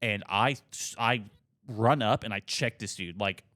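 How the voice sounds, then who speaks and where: A man in his twenties on a podcast, telling a story in casual chat, animated, heavy on swearing and fillers. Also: on the low side, measured pace, no echo, clean studio sound. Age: 20s. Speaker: podcast co-host.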